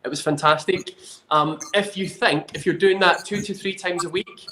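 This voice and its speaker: A man's voice: sits high, steady tone, normal speed, bright, forceful tone. A man, a fitness trainer talking in a casual interview, earnest and enthusiastic, often restarting his sentences. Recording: roomy echo.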